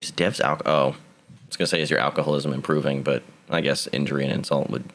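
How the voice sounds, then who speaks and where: A man's voice: extremely low pitch, fairly even intonation, fast talker, fairly bright tone. A man co-hosting a podcast, teasing and sarcastic, swearing casually. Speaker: podcast co-host. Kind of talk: casual chat. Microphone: webcam setup.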